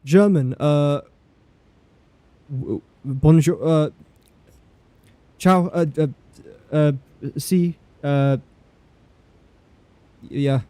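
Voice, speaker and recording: A man's voice: on the high side, very slow, long pauses, dark tone, clean tone, no echo. A man chatting casually during a gameplay livestream, playful and self-mocking, talking to objects in the game. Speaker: game streamer.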